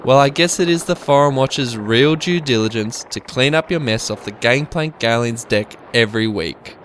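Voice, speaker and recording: A man's voice: mid-range voice, normal speed, background noise. A man playing a grumbling, swearing prank caller in a comedy skit. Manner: grumbling, swears, spells words out.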